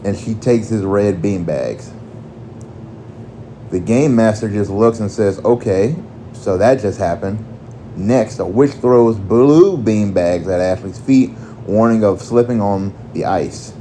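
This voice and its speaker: A man narrating a crude comic story in a deadpan way, also voicing a fan who gives battle commands. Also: fairly low pitch, slow, a little hiss or hum.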